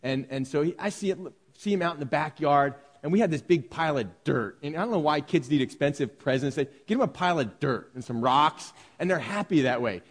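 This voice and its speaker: A man preaching a sermon, moving between lively storytelling and calm Bible teaching to a congregation. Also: on the high side, brisk, hardly any pauses. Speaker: pastor. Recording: long hall reverb.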